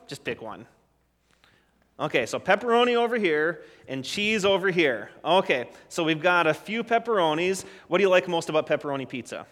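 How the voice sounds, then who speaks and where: Man pastor doing a kids sermon, gentle, restarts a lot, big echoey church sound. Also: fairly high pitch. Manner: gentle, encouraging, restarts often. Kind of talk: children's sermon. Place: church sanctuary.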